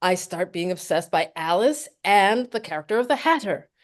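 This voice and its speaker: A woman's voice: fairly low pitch, moderate pace. A woman from New York, a soprano and author, telling a story as an interview guest and acting out the quotes. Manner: animated, acts out quotes and laughs often.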